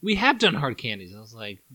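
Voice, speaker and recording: A man in a relaxed candy-tasting chat, his pitch jumping around with lively energy. He jokes and swears easily. The sound is dry and close, with no room around it. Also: moderate pace, husky, no room sound. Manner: animated, swears, jokey.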